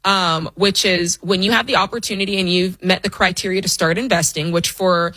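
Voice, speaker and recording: A woman's voice: on the low side, steady tone, fairly quick, sharp tone, no echo. A woman co-hosting a call-in finance show, talking upbeat and direct to listeners. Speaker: co-host.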